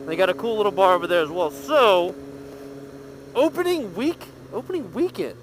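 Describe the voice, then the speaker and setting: Man, high lively voice, swearing storyteller, helmet mic, faint road noise. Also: moderate pace. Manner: animated, profane, laughing storyteller. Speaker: motovlogger. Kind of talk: casual storytelling vlog. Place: outdoors riding a motorcycle.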